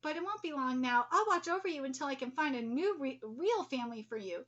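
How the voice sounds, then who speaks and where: A woman's voice: high voice, lively intonation, a little fast, fairly bright tone, dull audio. A woman voicing a grown man, a stern father weighed down by guilt, while reading a manga aloud. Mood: somber.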